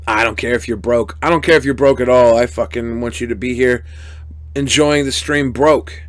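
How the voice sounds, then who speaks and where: A man's voice: medium pitch, fairly even intonation, normal speed, no room sound. A young man live-streaming, thanking donors in crude, profane, mock-angry banter with his chat. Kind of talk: casual live-stream chat reading donations.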